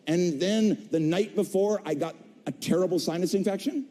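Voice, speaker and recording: Animated middle-aged man telling stories on a big stage. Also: high voice, normal speed. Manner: playful, self-mocking, acts out quotes in funny voices. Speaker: voice actor telling a career story on a panel. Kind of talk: animated storytelling to a live audience. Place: convention stage in a large hall. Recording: long reverb of a large hall.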